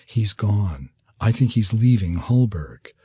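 A man voicing a young woman who speaks in an earnest, calm way. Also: medium pitch, measured pace, husky, no echo, pitched above the performer's own voice, heavily acted. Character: young woman, steady and sensible.

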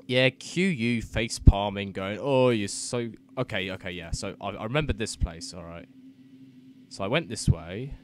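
A young man, giving flustered, self-mocking let's-play commentary with sudden loud outbursts and muttered swearing. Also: on the low side, normal speed, a little hiss or hum. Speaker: gaming commentator.

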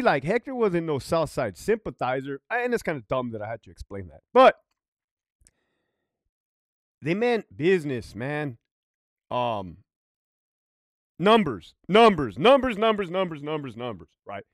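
Man, ex-prison guard storyteller, high lively voice, profane and emphatic, dry close sound. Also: dry recording. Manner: profane, emphatic, conversational with frequent "right?". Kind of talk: casual storytelling monologue.

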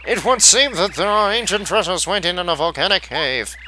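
A man's voice: high voice, animated, fairly quick, bright, forceful tone, slight background noise, exaggerated voice, low-quality recording. A man voicing a pompous male archaeologist explorer in a put-on posh British accent, plummy and theatrical.

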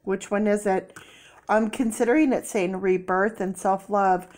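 A woman giving a casual tarot reading, chatty with many fillers and sudden excited bursts. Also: medium pitch, measured pace. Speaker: tarot reader.

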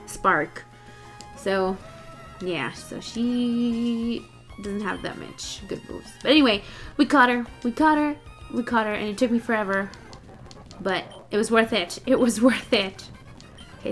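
A young woman chatting excitedly through a let's play, groaning and laughing at the game. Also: mid-range voice. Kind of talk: casual gameplay commentary.

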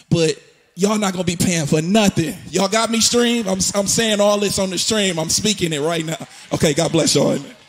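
A young man gives an excited, preacher-like tribute to his mother at a church event, repeating phrases as he builds up. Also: high-pitched. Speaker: son of the honoree, musician.

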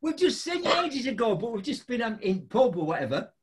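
A high-pitched man tells a story in a lively, sing-song voice, jumping up into squeaky exclamations. He is a chatty host who laughs through much of what he says. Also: a little fast, background noise. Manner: animated, laughing storyteller with big pitch jumps. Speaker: podcast host. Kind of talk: casual storytelling chat.

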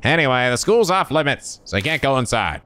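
A man voicing an enthusiastic young male security guard in a high, eager, fussy voice. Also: very animated, a little fast, bright, forceful tone, slight background noise.

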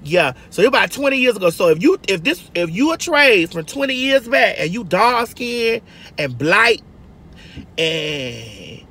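With a medium-pitched, sing-song voice that's fairly bright and a bit breathy, this woman speaks at a measured pace. She's a livestream host in her forties from Georgia, US, driving while she tells her viewers chatty, sassy stories and calls them honey and girl. The phone recording carries car and road noise.

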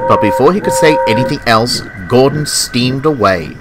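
A man narrating a children's story in an expressive, measured storytelling way. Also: mid-range voice, noisy background. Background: music.

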